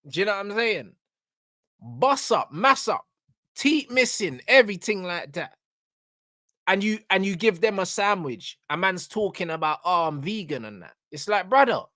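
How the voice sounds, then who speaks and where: Man, reaction host, mocking rant, pitch all over the place, dry close sound. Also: dry recording. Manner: brash, mocking, swings from loud to muttered. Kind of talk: ranting reaction commentary.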